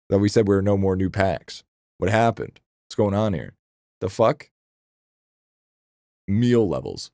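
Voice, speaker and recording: A man hosting a live game stream, chatting casually with his chat in a rambling, profane, excitable way. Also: fairly low pitch, moderate pace, long pauses, no echo, clean studio sound.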